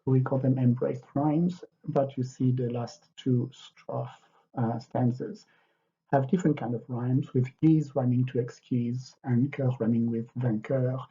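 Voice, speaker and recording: Older man, husky. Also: mid-range voice, fairly even intonation, unhurried, dark tone. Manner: hesitant, many fillers, explanatory. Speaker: French literature teacher. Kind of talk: lecture with poetry reading. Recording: dull, lo-fi.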